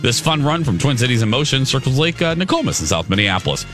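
A man's voice: medium pitch, very animated, fast talker, a bit bright, faint music behind. A man hosting a radio show, chatting casually and leading the segments and breaks. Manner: upbeat, chatty, runs the segment. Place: radio studio. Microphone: studio microphone.

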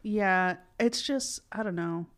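A woman's voice: mid-range voice, takes it slowly. A woman co-hosting a podcast in casual conversation, talking in a rambling way with many fillers and restarts. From United States. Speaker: podcast co-host.

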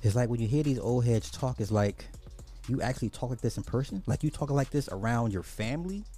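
A man's voice: mid-range voice, expressive, fairly quick, mellow, faint music behind. A man hosting a podcast, giving blunt, exasperated casual commentary, often restarting his sentences. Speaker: podcast host.

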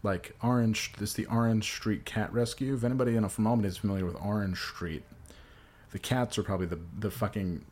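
A man's voice: on the low side, quick pace, darkish tone. A man hosting a casual podcast who tells long, profane, self-mocking stories about doing comedy. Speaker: podcast host and amateur comedian.

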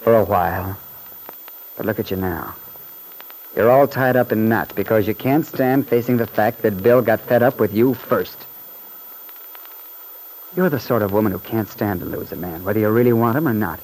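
A blunt, contemptuous writer, low-voiced. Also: male voice, normal speed, pauses often, darkish tone. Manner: blunt, scornful, lecturing. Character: blunt, contemptuous young screenwriter. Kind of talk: 1940s radio acting. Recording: scratchy old radio broadcast.

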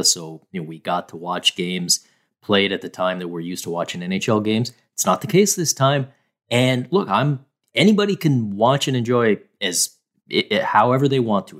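A male podcast co-host with a lowish voice. He makes his points emphatically and with firm opinions, in relaxed sports talk. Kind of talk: casual sports chat.

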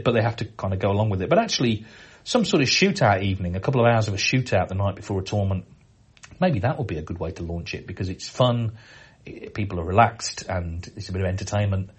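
A middle-aged podcast host reads listener emails aloud, relaxed and chatty, hesitating often. His voice is lowish and husky.

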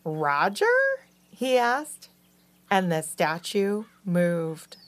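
A woman co-hosting a podcast, narrating a children's story in a slow, expressive and playful way. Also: mid-range voice, slight background noise. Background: music.

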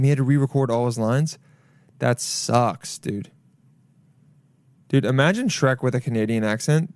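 A young man hosting a solo podcast from his apartment, rambling loudly with jokes and swearing. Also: mid-range voice, dry recording. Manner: rambling, loud, jokey, swears a lot. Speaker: podcast host. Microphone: camera mic.

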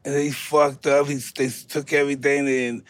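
A man's voice: medium pitch, level tone, moderate pace, no echo. A man hosting a podcast, chatting casually and eagerly, often repeating himself. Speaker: podcast host. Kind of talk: casual chat. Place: studio.

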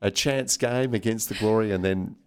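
A man interviewing a footballer, encouraging and quick with "yeah" backchannels. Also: fairly low pitch, clean tone. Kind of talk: casual interview.

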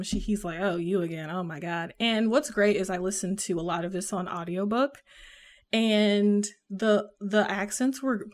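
A woman with a Southern American accent talks in a loose, rambling way, full of fillers and quick laughs. Her voice sits in a middle range for a woman. She sounds like a relaxed podcast co-host chatting about a book. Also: mid-range voice. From Southern United States. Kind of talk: casual chat.

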